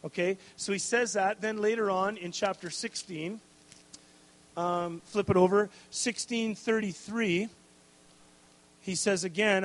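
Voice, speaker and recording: A man's voice: high voice, steady tone, measured pace, a bit bright. A man preaching a casual, conversational sermon, checking in with "okay?" and adding jokey asides. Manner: conversational, tags lines with "okay?" and "right?".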